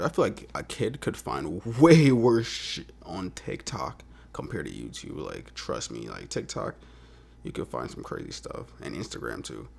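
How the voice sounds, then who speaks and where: A man hosting a reaction video, chatting casually and trailing off quietly at the ends of phrases. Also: fairly low pitch, vocal fry, husky. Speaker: host reacting to clips.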